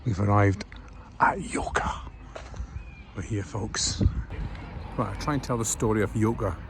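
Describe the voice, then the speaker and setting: With a lowish voice, fairly even intonation and a moderate pace, a Scottish man narrates a casual walking travel vlog outdoors in the rain. Passing through town streets and a station, he rambles with plenty of fillers while street noise sounds clearly around him.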